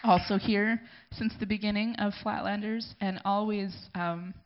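A woman from a church community, giving a halting, heartfelt thank-you speech at a gathering and pausing to gather herself. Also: mid-range voice, fairly even intonation, noisy background. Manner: emotional, halting, speaking with pauses to gather herself. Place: gathering in a room. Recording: dull lo-fi recording.

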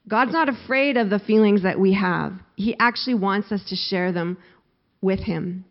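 Woman, middle-aged, preaching, middle pitch, dramatic when quoting, slightly muffled recording. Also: moderate pace. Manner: expressive, acts out quoted laments with rising force. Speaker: pastor. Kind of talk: sermon.

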